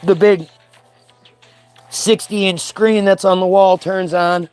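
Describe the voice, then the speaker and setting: A man's voice: high-pitched, steady tone, slow pace, darkish tone, clear, resonant tone, soft background music. A man telling a long story in a casual monologue, acting out the dialogue and swearing freely.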